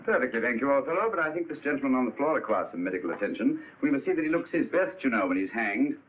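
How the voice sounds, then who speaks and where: A man's voice: mid-range voice, animated, rapid-fire, a little hiss or hum, lightly acted. An actor playing a cool, witty male detective, speaking in a dry, polished, ironic way in 1940s film style. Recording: tinny old film soundtrack with music.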